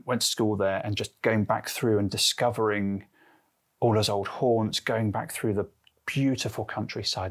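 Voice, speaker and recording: Guernsey man, low gravelly voice, animated anecdotes in an interview. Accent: Guernsey English. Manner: chatty, animated storyteller acting out quotes. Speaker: interviewee, head of transformation and change. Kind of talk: casual interview answers.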